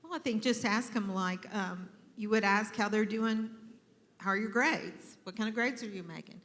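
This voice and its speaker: A woman's voice: mid-range voice, normal speed, a bit bright. A woman speaks plainly and firmly, giving practical advice in a group talk. Her voice rings with the long reverb of a large hall. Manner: direct, firm advice-giving. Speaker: group discussion participant. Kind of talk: earnest advice in a group discussion.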